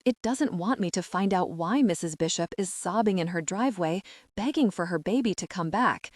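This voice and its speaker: A woman reading a romance audiobook as emotive first-person scripted narration, with measured, dramatic slowdowns. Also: lowish voice, lively intonation, no room sound, studio quality.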